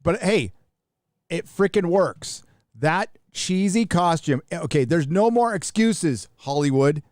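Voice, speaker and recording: A man's voice: fairly high pitch, animated, takes it slowly, darkish tone, no room sound, clean studio sound. A middle-aged man from the United States hosting a live stream, talking bluntly and profanely in rambling casual commentary with many restarts.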